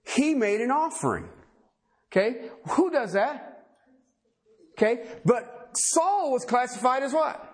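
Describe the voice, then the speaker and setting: A man's voice: very high-pitched, sing-song, slow pace, pauses often. A man preaching a sermon, talking conversationally and emphatically and firing rhetorical questions at the congregation.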